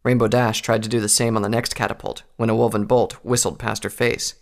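A man reading a fantasy battle story aloud as narrator, in a steady storytelling manner. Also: on the low side, fairly quick, gravelly. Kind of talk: scripted narration of fan fiction.

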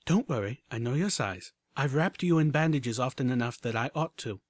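A man voicing a graceful, caring young mare who talks in a lilting, gently teasing way. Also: mid-range voice, expressive, moderate pace, no room sound, lightly acted.

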